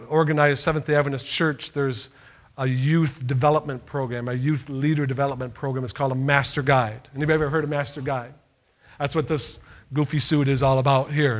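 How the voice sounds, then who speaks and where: A man's voice: mid-range voice, a bit bright. A man leading a church youth award ceremony as youth leader, speaking in an upbeat, encouraging, folksy way.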